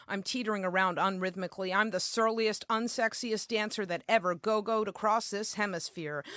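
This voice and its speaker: A woman's voice: medium pitch, fairly bright tone, dry recording, studio quality. A woman performing a brash, comic, profane spoken-word story as a performance poet.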